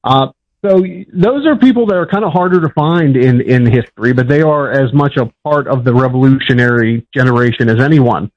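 A man's voice: medium pitch, fairly quick. A man from Pittsburgh, a historian answering interview questions in a plainspoken, explanatory way with frequent fillers. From Pittsburgh, USA. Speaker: historian guest. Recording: dull lo-fi sound.

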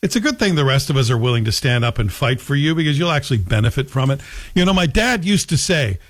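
A man's voice: medium pitch, sing-song, fast, no room sound. A Canadian man hosting a talk radio show, delivering a combative, scolding monologue with folksy asides.

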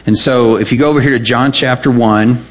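A man's voice: fairly even intonation, brisk. A man preaching as a pastor, teaching verse by verse, emphatic and full of questions to the audience. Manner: emphatic, rises in pitch when reading scripture aloud; repeats words and asks the audience questions. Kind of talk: expository Bible teaching.

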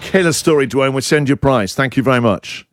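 A man's voice: mid-range voice, a little fast, dry recording, faint music behind. A man hosting a radio breakfast show, teasing callers and joking through playful studio banter. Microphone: studio microphone.

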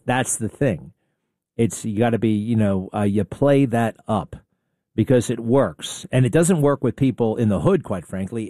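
Brief: male radio host, mellow dark tone, dry close studio mic, opinionated and rambling. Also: mid-range voice, dry recording. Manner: rambling, sarcastic, offhand asides. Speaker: radio talk show host. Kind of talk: opinionated talk radio commentary.

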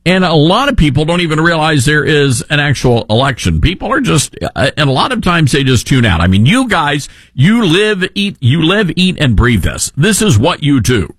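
A man's voice: fairly high pitch, big pitch swings, moderate pace, few pauses, fairly bright tone, husky, no echo, studio quality. A man hosting a talk radio show, giving an opinionated monologue in an emphatic way with frequent restarts.

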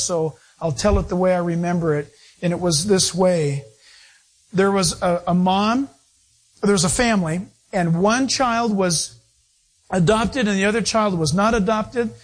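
Middle-aged male pastor, husky high voice, playful storyteller mid-sermon. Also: normal speed. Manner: storytelling, animated, playful asides.

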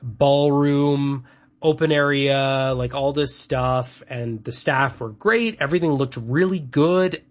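Male host, casual chat, husky, filler-heavy, muffled audio. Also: mid-range voice. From Canada. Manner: chatty, rambling with fillers. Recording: dull lo-fi sound.

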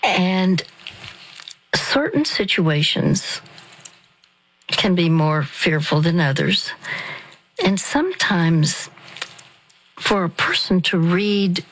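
An older woman hosting a Christian radio program, speaking slowly and softly with many pauses and restarts. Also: on the low side, sing-song, rough recording. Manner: slow, soft, halting with restarts. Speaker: radio ministry host. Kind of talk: gentle spoken counsel.

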